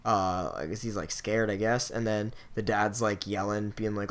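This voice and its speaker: Young man, slightly low voice, rambling and swearing. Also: fairly even intonation, moderate pace, hardly any pauses. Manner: loose, profane, filler-heavy storytelling. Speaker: podcast host. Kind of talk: casual chat.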